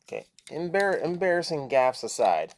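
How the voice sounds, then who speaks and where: A man's voice: fairly high pitch, big pitch swings, normal speed, a little hiss or hum. A man casually reviewing a toy, chatting and thinking aloud as he transforms it step by step.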